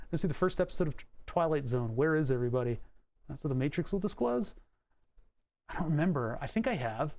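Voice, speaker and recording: A man streams his electronics work, muttering as he reads code and datasheets, sometimes swearing or chuckling. He speaks a little fast in a somewhat high, expressive, slightly mellow voice with vocal fry and long pauses.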